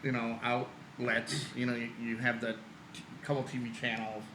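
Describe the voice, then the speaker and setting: A man's voice: mid-range voice, level tone, normal speed, sharp tone, reverberant, a little hiss or hum, rough recording. A man talking loosely as a podcast guest, rambling and laughing often. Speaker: guest film producer. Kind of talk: casual podcast chat.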